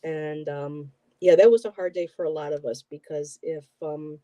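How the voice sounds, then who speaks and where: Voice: mid-range voice, fairly even intonation, normal speed, warm tone, dull audio. Middle-aged host telling a rambling, heartfelt story. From Buffalo, New York area. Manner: rambling, emotional storytelling with many fillers. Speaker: host, tarot reader. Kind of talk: casual chat.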